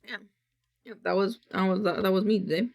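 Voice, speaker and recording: A woman's voice: medium pitch, steady tone, a little fast, gravelly, a little mellow. A woman streamer chatting casually on a live stream, rambling and swearing freely, acting out what others said to her.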